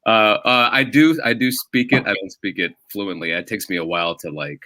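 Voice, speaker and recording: A man's voice: on the low side, expressive, brisk, sharp tone. A man, a comedian, chatting as a podcast guest, telling jokey stories with lots of restarts. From United States. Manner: rambling, jokey storytelling with many restarts. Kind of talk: casual podcast chat.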